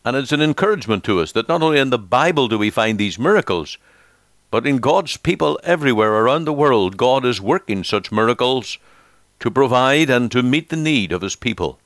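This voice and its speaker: A man's voice: mid-range voice, expressive, a little fast, a bit bright, no room sound. A man preaching a sermon, telling an illustrative story and then encouraging his listeners.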